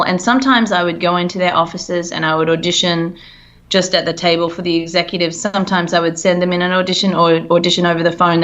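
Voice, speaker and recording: An Australian woman talks casually as an interview guest. Her voice sits low, and she laughs easily and trails off now and then. The audio is muffled and dull. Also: a bit bright. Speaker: voice actor guest.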